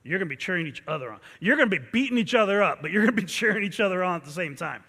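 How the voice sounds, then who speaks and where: A man with a high, ringing voice delivers a fired-up pep talk as a martial arts instructor, pushing his class to chant with intensity. His words bounce around a big hall with a long echo. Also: expressive, very fast, pushed and bright. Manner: intense, urging call-and-response chants. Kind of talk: motivational pep talk to students. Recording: long reverb from a large hall.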